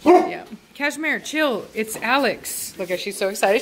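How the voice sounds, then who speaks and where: A woman's voice: a little high, animated, moderate pace, slight background noise. Chatty woman dog breeder at home. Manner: chatty, rambling with many fillers, firm when scolding dogs. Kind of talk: casual home video update. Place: at home indoors with dogs.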